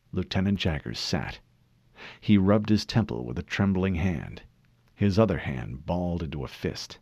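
A man reading a novel aloud in measured, expressive scripted narration. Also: sits low, breathy edge, no echo, clean studio sound. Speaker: audiobook narrator.

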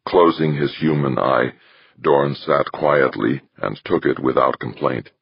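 A man reading a science-fiction novel aloud in steady, measured scripted narration. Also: extremely low pitch, gravelly, husky, no echo, lo-fi sound. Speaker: audiobook narrator.

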